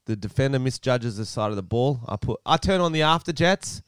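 Australian guy, 30s, podcast co-host, animated storyteller who swears freely, smooth resonant voice, dry close mic. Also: medium pitch, fairly quick, dry recording. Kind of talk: casual podcast chat.

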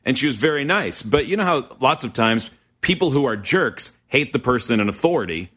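A man's voice: medium pitch, very animated, fairly quick, fairly bright tone, slightly rough. A man telling stories in a casual chat, joking with crude humor.

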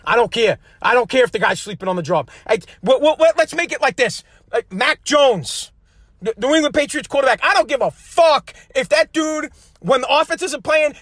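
Man host, heated profane ranter, high pitched. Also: fairly bright tone, no echo, studio quality. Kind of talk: angry ranting monologue.

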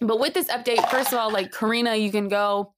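A woman co-hosting a casual podcast chat, giving animated, playful rants. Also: fairly high pitch, fairly quick, background noise. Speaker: podcast co-host.

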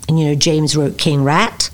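A woman in her seventies from Scotland, with a Scottish accent, telling lively stories as an interview guest. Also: low voice, normal speed. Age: 70s. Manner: lively anecdotes with acted-out quotes. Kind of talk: podcast interview, storytelling.

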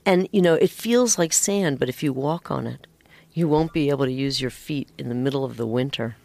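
A man's voice: mid-range voice, brisk, creaky, a little mellow. A male guest talking eagerly in a casual chat, keen to show and explain things. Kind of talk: casual conversation.

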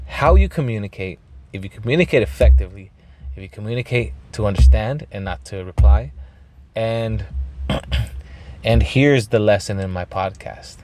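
A man hosting a podcast, telling a rambling story with lots of swearing, throat clearing and bits of Spanish. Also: fairly low pitch, dark tone. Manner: mixes in Spanish phrases. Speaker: podcast host. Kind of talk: casual storytelling monologue.

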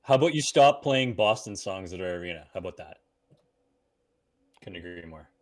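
A man co-hosts a casual hockey talk show. He talks in a somewhat low voice, laid-back and dropping dry asides into the banter. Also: animated, moderate pace. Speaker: podcast co-host.

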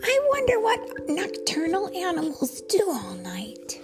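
A woman's voice: very high-pitched, huge pitch swings, measured pace, over music, pitched above the performer's own voice, exaggerated voice. A woman voicing a small, eager boy bunny in a bedtime storybook reading, chirpy and curious. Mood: wondering.

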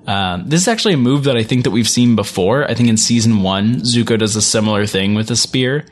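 A man's voice: on the low side, fairly quick. Rambling man in casual chat. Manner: rambling, heavy use of "like" and "um". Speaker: podcast co-host recapping an episode.

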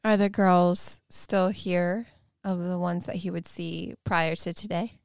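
A woman's voice: lowish voice, fairly even intonation, slow, gravelly, a little mellow, no echo, studio quality. A woman playing a tabletop role-playing game, asking questions in character in a playful, teasing way. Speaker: player.

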